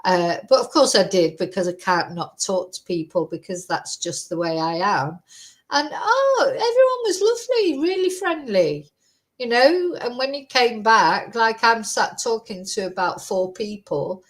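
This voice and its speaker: A woman's voice: medium pitch, lively intonation, measured pace. A woman from England with an English accent, chatting casually and telling rambling stories while reacting to a news clip. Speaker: vlogger.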